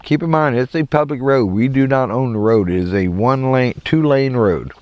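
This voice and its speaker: A man's voice: medium pitch, moderate pace, dry recording, lo-fi sound. A middle-aged man with a Southern US accent telling a rambling story on his podcast, acting out the voices of the people in it. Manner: animated, rambling, acts out quoted voices. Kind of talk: casual storytelling.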